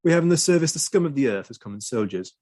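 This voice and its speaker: A man's voice: mid-range voice, animated, rapid-fire, a little mellow, no room sound, studio quality, voice pushed up, natural voice. A man voicing a stern aristocratic general who complains in formal, clipped speech. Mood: disdainful.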